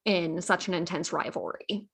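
A woman's voice: lowish voice, moderate pace, creaky, husky. A woman hosting a casual sports podcast, asking dry, sarcastic questions. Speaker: podcast host. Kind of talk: casual chat.

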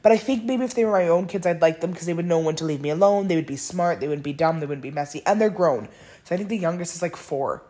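Blunt, chatty woman, lowish voice. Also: animated, quick pace, dark tone. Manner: chatty, blunt, swears freely, laughs often, many "like"s. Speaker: podcast host. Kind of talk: candid casual monologue.

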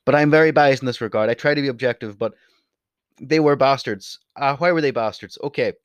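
A man's voice: medium pitch, a little fast, clean tone, dry recording, dull audio. A young Irish man rambling casually in a vlog, blunt and swearing, sometimes drifting off the mic. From Ireland. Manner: chatty, blunt, swears, wanders off topic. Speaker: vlogger. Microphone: desk mic, sometimes turns away from it.

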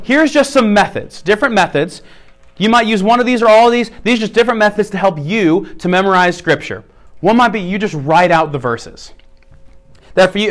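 A man with a high voice preaches a sermon to his church. He teaches in a practical way and often repeats his key phrases. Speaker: pastor.

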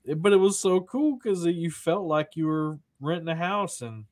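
A man's voice: fairly high pitch, expressive, moderate pace, darkish tone. Rambling man in casual chat. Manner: rambling, laughs often, many restarts.

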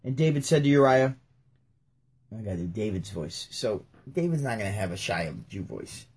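A young man hosting a video, reading scripture aloud and breaking off into chatty, laid-back asides that often trail off quietly. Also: fairly low pitch, sing-song, moderate pace, slightly rough. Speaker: video host. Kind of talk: casual scripture reading with commentary.

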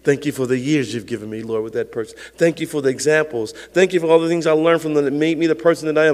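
An older man, a pastor, preaching a sermon with emphatic swells that sink to hushed, close tones, chuckling now and then. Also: fairly high pitch, fairly even intonation, fast talker, few pauses. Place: church sanctuary. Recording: long reverb of a church hall.

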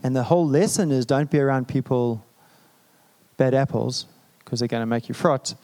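A man's voice: mid-range voice, normal speed, mellow. A man preaching a sermon in a conversational, humorous way, with jokes and asides to the congregation. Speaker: pastor.

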